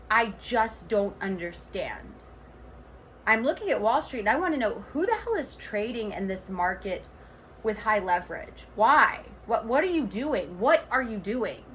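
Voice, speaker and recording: A woman's voice: mid-range voice, fairly bright tone, slight background noise. A woman delivering an opinionated finance vlog rant, sarcastic and worked up, firing off rhetorical questions. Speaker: finance commentator.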